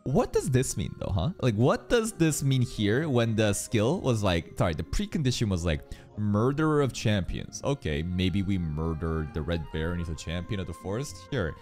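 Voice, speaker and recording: A young man doing casual anime reaction commentary, excitable and swearing often as he talks to the screen. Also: lowish voice, normal speed, soft background music.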